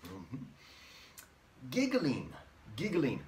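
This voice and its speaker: A man teaching an online English lesson, saying words slowly and repeating them with frequent tag questions. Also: mid-range voice, wildly swooping pitch, a little mellow, slight background noise.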